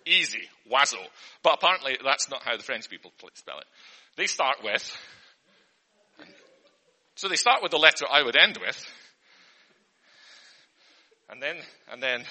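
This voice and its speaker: A man's voice: medium pitch, very animated, a little slow, pauses often, pushed and bright. A man doing a comic spelling lesson for an audience, in an earnest teacher's patter, often flustered and breaking off mid-sentence. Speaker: comedian. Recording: long hall reverb.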